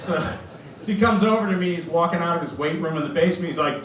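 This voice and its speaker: Comic in his 40s doing a stand-up story, highish voice, echoey room. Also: quick pace, distant mic, a little hiss or hum. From Boston. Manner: animated, storytelling. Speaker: stand-up comedian. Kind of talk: stand-up set. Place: comedy club stage with live audience. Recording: roomy club recorded from afar.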